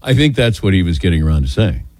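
Male sports radio host with a lively, swinging voice, dry close studio sound. He tells anecdotes with animation and chuckles as he goes. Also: low-pitched, fast, no room sound. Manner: animated storyteller, chuckles often. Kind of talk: call-in radio talk and anecdote.

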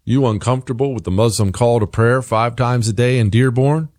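A man hosting a talk radio show, delivering an opinionated monologue with sarcasm and emphatic jumps in pitch. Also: brisk, a little mellow, a little hiss or hum.

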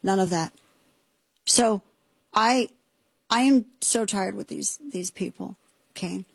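A middle-aged woman hosting a political talk radio show, sarcastic and indignant in rapid-fire bursts. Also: mid-range voice, vocal fry, slightly rough, dry recording.

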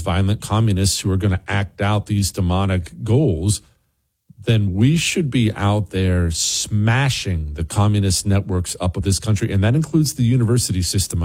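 A man's voice: lowish voice, darkish tone. Ranting male political talk host. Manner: ranting, indignant. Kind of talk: political commentary monologue.

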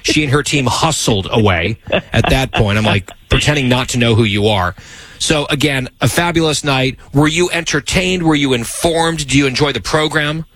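A man's voice: mid-range voice, moderate pace, a bit bright, no room sound. A man hosting a show, teasing his producer with wry humor in casual chat. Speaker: show host.

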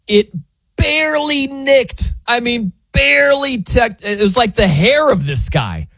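In a casual sports talk monologue, this host spins an animated, jokey story, performing the quotes of the people in it. He sits high in pitch with vocal fry and an unhurried pace, and the clean studio recording has no room sound.

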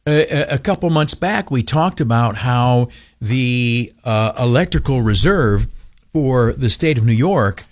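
A man's voice: mid-range voice, no room sound, studio quality. Grumpy middle-aged man ranting. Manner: grumpy ranting, stammered restarts, many fillers. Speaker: commentary host. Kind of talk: political monologue.

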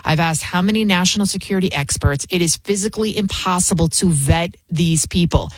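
A woman's voice: lowish voice, fairly quick, no echo. Combative, sarcastic woman talk host. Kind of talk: political commentary talk show.

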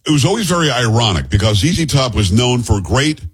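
A man's voice: medium pitch, sing-song, fast, slightly rough. A middle-aged man hosting a radio talk show, chatty and joking with his co-host. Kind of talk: casual radio banter.

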